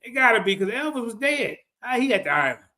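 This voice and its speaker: A man's voice: very high voice, sing-song, quick pace, bright, forceful tone. A man giving loose, joking reaction commentary, cursing freely and talking straight to his viewers.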